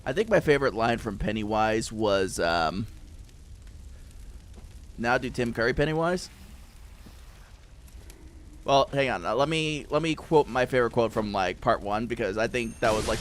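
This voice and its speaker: A man's voice: lowish voice, brisk, hardly any pauses, slight background noise. A young man chatting and joking through a gaming stream, laughing often. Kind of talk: casual gaming stream chat.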